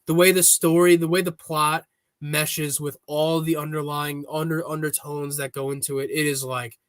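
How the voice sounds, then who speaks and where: A man talking as a podcast guest in a casual, rambling chat, restarting his sentences often and getting excited. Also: a little high, normal speed, dry recording, clean studio sound.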